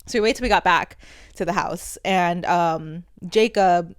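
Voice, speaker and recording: A woman's voice: fairly low pitch, a little slow, no echo, studio quality. Giggly young woman telling a story. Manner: giggly storyteller, animated quoting of others. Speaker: podcast co-host. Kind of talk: casual chat.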